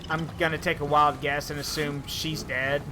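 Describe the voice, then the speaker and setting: A man streaming a game, telling stories in an animated way with swearing and asides, in casual chat. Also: on the high side, moderate pace. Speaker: streamer and host.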